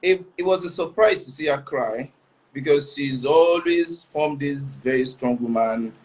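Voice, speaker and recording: A man, a guest husband in a casual interview, speaking haltingly with restarts as he reflects on his marriage. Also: on the high side, a little mellow, rough recording. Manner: halting, many restarts and laughs.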